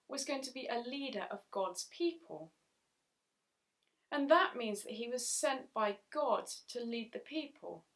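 A woman giving a Bible story talk for children at church, speaking clearly and often asking her young listeners questions. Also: a little high, fairly bright tone.

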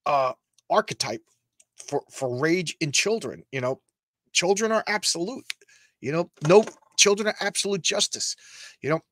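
A middle-aged man from Long Island talks through old comic pages, stumbling over his words with excitement. His voice sits a little high for a man, and the sound is dry and close with no room echo. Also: moderate pace. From Long Island, New York. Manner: excitable, stammering repeats, rambling asides. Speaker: comics show host. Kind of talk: casual comic read-through commentary.

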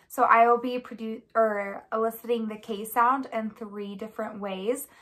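A woman with a somewhat high voice walks through a speech therapy demonstration. She gives patient, clear step-by-step prompts and praises often. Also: a bit bright. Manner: encouraging with frequent praise. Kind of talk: instructional demonstration.

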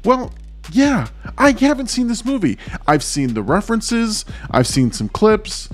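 A man hosts his movie reaction channel in an energetic, chatty way. His voice sits a bit high and jumps around a lot in pitch. Soft music plays faintly underneath. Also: unhurried. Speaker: host.

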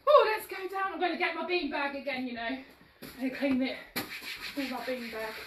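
A woman's voice: high voice, normal speed, a bit bright. A woman leading a children's exercise class, sing-song and encouraging, moving as she talks and a bit out of breath. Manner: upbeat, sing-song and encouraging, coaxing little ones along. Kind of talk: live-streamed toddler action-song class. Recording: roomy echo, voice from a distance.

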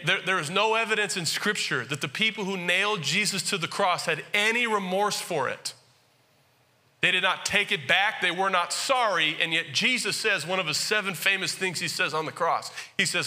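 A male pastor giving a conversational, animated sermon, with frequent asides and questions to the congregation. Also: sits high.

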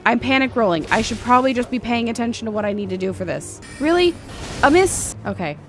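Excitable young woman gamer. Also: on the high side, fast talker, faint music behind. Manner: excitable, shrieks and panics during fights. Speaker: gaming streamer. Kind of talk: let's play commentary.

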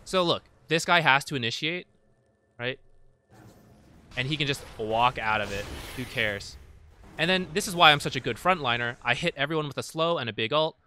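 A guide creator talks casually through recorded matches, explaining team fights with lots of fillers. His medium-pitched voice is expressive, bright and forceful, moving at a moderate pace, with a slight hiss or hum in the audio.

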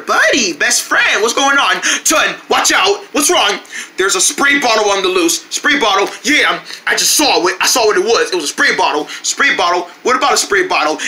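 A performer acting out a playful comedy skit in several voices, excitable and shouting often, with quick, rambling talk. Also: mid-range voice, a little hiss or hum.

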